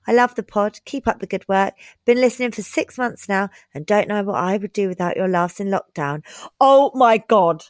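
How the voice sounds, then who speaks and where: A woman's voice: medium pitch, brisk, hardly any pauses, no echo, clean studio sound. Blunt, joking woman podcast host. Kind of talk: casual chat, reading listener confessions.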